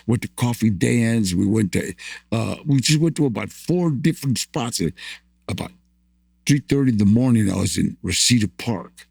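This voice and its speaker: A man's voice: on the low side, expressive, moderate pace, vocal fry, a little mellow, breathy edge, no echo. An older man from the United States, a guest in an interview, tells rambling stories of his past, repeating words and laughing often. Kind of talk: storytelling interview.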